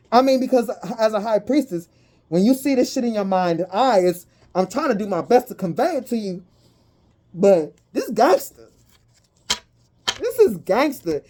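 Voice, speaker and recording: Hyped up lady doing a tarot reading, slangy, whoops now and then, kinda mellow dark tone. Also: fairly high pitch. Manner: animated slangy talk with sudden whoops. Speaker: tarot and energy reader. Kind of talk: excited spiritual reading to viewers.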